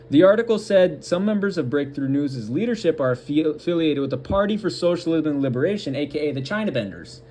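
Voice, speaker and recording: A man hosting a political commentary show, reading an article aloud with halting restarts and breaking off for mocking asides. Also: fairly high pitch, darkish tone, a little hiss or hum.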